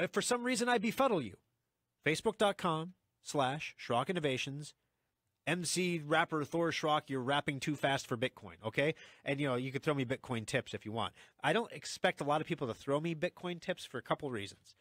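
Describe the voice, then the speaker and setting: Male radio host, fast excited talk, studio mic, close dry sound, slightly high voice. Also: no room sound. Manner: excited, fast talker who restarts often. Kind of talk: lively radio talk show. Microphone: studio microphone.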